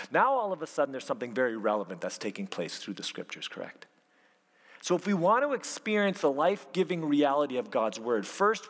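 A man preaching as a youth pastor, animated and full of rhetorical questions. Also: on the high side. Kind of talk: sermon. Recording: long hall reverb.

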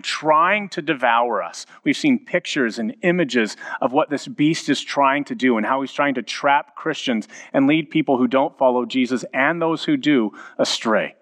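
Animated man preaching a sermon. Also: mid-range voice. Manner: animated storytelling with dramatic pauses and emphasis. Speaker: pastor.

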